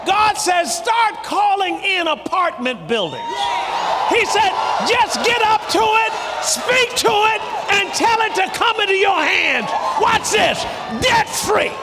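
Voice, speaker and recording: A man preaching a sermon, shouting and drawing out his emphatic phrases. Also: extremely high pitch, big pitch swings, slow, over a noisy crowd, very noisy. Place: large church hall. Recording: long reverb from a live congregation.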